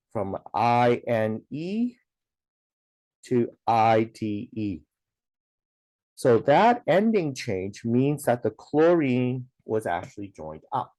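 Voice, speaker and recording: A man's voice: medium pitch, warm tone, no echo. A man teaching a science lesson, explaining step by step in a patient way, with a lot of "okay" and "now". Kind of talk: recorded classroom lesson.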